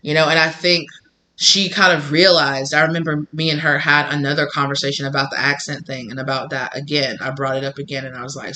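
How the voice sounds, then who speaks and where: A man's voice: mid-range voice, level tone, normal speed, pushed and bright. A man with a Southern US country accent talking casually as a channel host, rambling and repeating himself while acting out quoted conversations. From Southern United States. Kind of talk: casual personal monologue.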